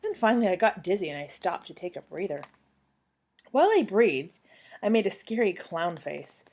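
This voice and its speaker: A woman's voice: medium pitch, very animated, normal speed, a little mellow. Woman animatedly reading a children's story. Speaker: former teacher reading to a child. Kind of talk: reading a children's book aloud. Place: at home on a couch.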